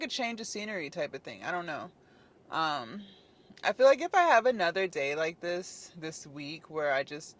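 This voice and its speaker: A young woman chatting casually to her camera at the gym. She thinks out loud as she goes and fills her sentences with likes and ums. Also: lowish voice. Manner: rambling, many fillers, musing out loud. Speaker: fitness vlogger. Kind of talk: casual vlog chat to camera.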